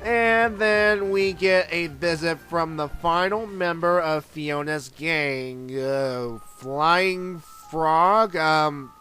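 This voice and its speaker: A man's voice: a little high, drawn-out words, hardly any pauses, pushed and bright. A man reviewing a comic book in a casual, rambling way, full of filler words. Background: background music.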